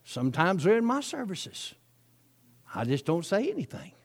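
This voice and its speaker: A man's voice: high voice, big pitch swings, moderate pace. A male preacher, telling a story in his sermon in a folksy, chatty way with frequent asides.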